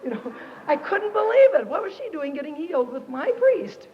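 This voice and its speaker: A woman giving a personal testimony to a Christian camp audience, expressive and animated, acting out the people in her story. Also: sits high, normal speed. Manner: animated, expressive, quotes herself and others. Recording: dull lo-fi archive tape, reverberant hall.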